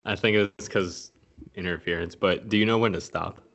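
A man's voice: low voice, steady tone, moderate pace, vocal fry, a bit bright, muffled recording. A man co-hosting a podcast, chatting casually with short, dry interjections over a video call. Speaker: podcast co-host. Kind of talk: casual chat.

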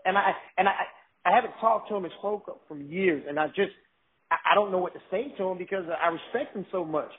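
A man telling excited stories in a casual chat, often restarting his sentences. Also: sits high, breathy edge. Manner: excited, animated storytelling with restarts. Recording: thin phone-like line.

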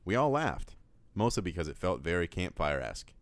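A very low-voiced man with a lively, swinging delivery reads listener stories on a podcast. His tone is dry and teasing. The sound is close and dead, with no room in it. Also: brisk, no echo. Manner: dry, playful delivery with frequent laughs. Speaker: podcast co-host reading listener emails. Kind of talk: casual podcast chat, reading emails aloud.

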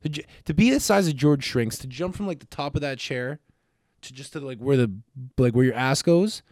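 A man co-hosting a casual podcast, bantering with lots of swearing and excitable outbursts. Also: mid-range voice, a little fast, no room sound, clean studio sound. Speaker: podcast co-host. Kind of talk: casual chat.

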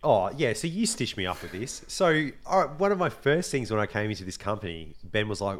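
Australian male co-host, animated storyteller, casual and profane. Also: fairly low pitch, brisk, hardly any pauses. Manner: animated storyteller, swears freely. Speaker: podcast co-host. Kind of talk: casual chat.

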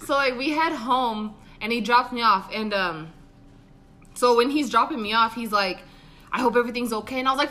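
A young woman with a bright, forceful voice, a little higher than most. She tells stories in loose, casual chat, often acting out what people said. She swears freely and laughs a lot. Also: normal speed. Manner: animated, swearing, acts out quotes, laughs often. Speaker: podcast co-host.

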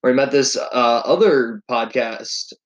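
A man's voice: mid-range voice, unhurried, dull audio. A man hosting a podcast in casual chat, easygoing and enthusiastic about recommendations. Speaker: podcast host.

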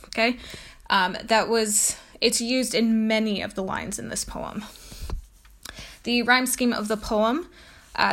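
A woman's voice: mid-range voice, a bit bright. A woman giving an informal lecture on a poet and reading a poem aloud, with frequent ums and uhs. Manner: casual, many ums and uhs. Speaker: teacher presenting a poet.

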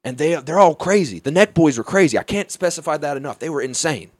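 Young man, profane and animated storyteller, lively higher voice, dry close mic. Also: fast, no room sound. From Alabama. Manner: profane, animated, laughing often. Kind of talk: casual storytelling.

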